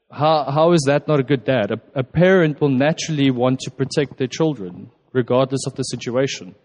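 A man's voice: mid-range voice, darkish tone. Earnest man preaching in a reverberant hall. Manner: earnest, halting with repeated restarts. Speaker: preacher at a church service. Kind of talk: informal sermon and prayer. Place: church hall.

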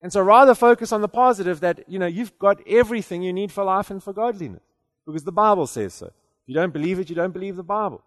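High-voiced preacher in an echoing hall. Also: male voice, fast talker. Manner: conversational, repeats words, rising to emphatic declarations. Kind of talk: sermon.

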